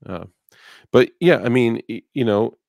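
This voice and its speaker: A man's voice: medium pitch, measured pace, vocal fry, darkish tone, no echo. A male podcast host in casual chat, rambling and joking about himself. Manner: rambling, self-deprecating, joking.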